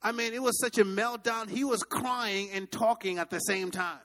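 A man preaching a sermon, telling stories with lively energy and leading the congregation in repeating phrases. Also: high voice, normal speed. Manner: animated storytelling, leads the congregation in repeating phrases. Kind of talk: sermon with storytelling.

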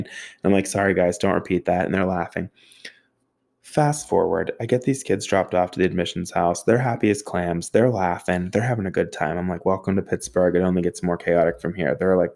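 A man's voice: low voice, gravelly, a little mellow. A young man telling a casual, profane anecdote, acting out other people's voices and sound effects with a self-mocking manner. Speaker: storyteller.

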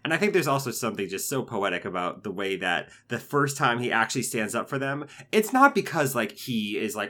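A man's voice: mid-range voice, sing-song, normal speed, hardly any pauses. A man chatting casually about a film on a podcast, rambling and emotional, with lots of fillers and swearing. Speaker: podcast co-host. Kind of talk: casual movie review chat.

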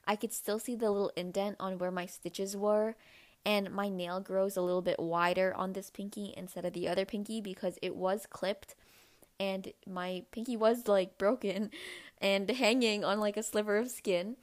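A woman's voice: steady tone, normal speed. Chatty young woman telling a story. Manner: chatty, many "like" fillers, acts out quoted voices in a higher pitch. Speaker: podcast host. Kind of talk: casual personal storytelling.

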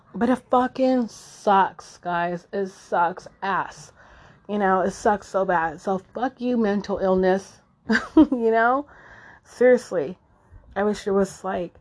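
Woman host, 30s, raw emotional monologue with plenty of swearing and fillers, mid-pitched voice. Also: a little mellow. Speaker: podcast host. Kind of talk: casual personal monologue.

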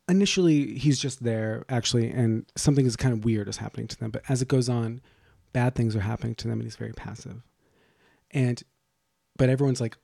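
A man co-hosting a podcast in casual chat, rambling and joking with quick asides. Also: mid-range voice, creaky, warm tone, no echo, studio quality. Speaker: podcast co-host.

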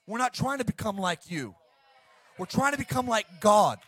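A middle-aged male pastor preaching a sermon, fired up and shouting at times, then dropping to a soft storytelling voice. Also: high voice, sing-song, moderate pace, slightly rough, dry recording.

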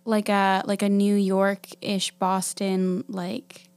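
A woman's voice: mid-range voice, level tone, slow, a little mellow, smooth, no room sound. A woman co-hosting a podcast in casual chat, with a voice a little like a Valley Girl's and a giggly, self-deprecating manner. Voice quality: slightly Valley Girl-ish voice. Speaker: podcast co-host.

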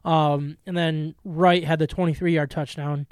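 A man with a notably high voice chats about football as a podcast co-host, excitable and quick to laugh, with plenty of restarts. His voice sounds close and dry, with no room around it. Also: smooth, no echo. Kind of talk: casual sports chat.

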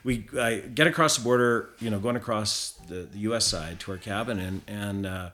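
Man, Canadian-raised, low voice, bright forceful tone, rambling casual storyteller, guest. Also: normal speed. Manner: rambling anecdotes with many fillers and restarts.

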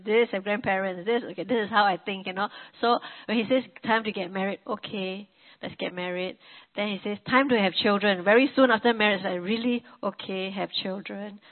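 A woman gives a sermon as a personal testimony, speaking at a middling pitch. She talks conversationally, circling back with "you know" and restarting her sentences. The recording is thin and narrow, as if heard down a phone line. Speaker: preacher.

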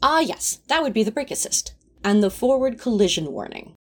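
A prim, mild-mannered angel, played by a woman, in a fan audio drama. The voice is husky and slightly breathy, with a lively lilt. He explains with patient fussiness. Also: fairly high pitch, moderate pace.

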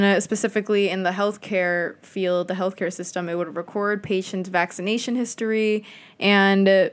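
Young woman, smooth clear voice, casual monologue, chatty and conspiratorial. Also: medium pitch. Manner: chatty, conspiratorial, slangy asides.

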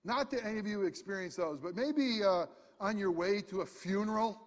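Animated high-voiced man preaching. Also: normal speed. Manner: animated, conversational, self-deprecating humor. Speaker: pastor. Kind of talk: sermon. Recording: hall reverb.

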